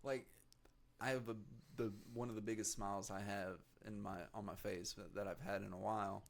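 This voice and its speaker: A young man in his twenties, a podcast guest telling stories in a monotone, halting way with many fillers. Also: lowish voice, gravelly. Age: 20s. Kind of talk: casual chat.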